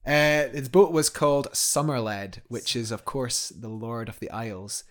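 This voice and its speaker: A man's voice: medium pitch, fairly even intonation, a little slow. A man, a guest telling a climbing story in a casual podcast chat, enthusiastic and rambling with many restarts.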